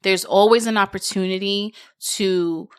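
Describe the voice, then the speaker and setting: A young adult woman hosting a solo podcast, giving earnest parenting advice in casual talk that gets animated when she tells stories. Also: mid-range voice, a little slow, clean tone, no room sound, studio quality. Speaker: podcast host.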